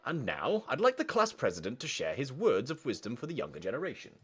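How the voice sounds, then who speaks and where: A man voicing a middle-aged school principal who addresses students in a slow, formal way in a game. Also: medium pitch, wildly swooping pitch, a bit bright, breathy edge, voice pushed up, heavily acted.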